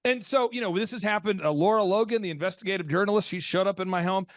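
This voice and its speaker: An American man hosting a podcast, telling a long story with energy and leaping into high excited voices when he acts out his reactions. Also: fast talker, no room sound, studio quality. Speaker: podcast host. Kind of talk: animated storytelling in a business podcast.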